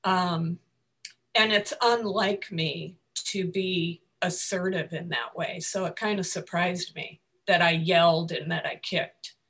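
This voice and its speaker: A woman telling a personal story in a group discussion, full of fillers and restarts, with soft laughs between phrases. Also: lowish voice, steady tone, slow.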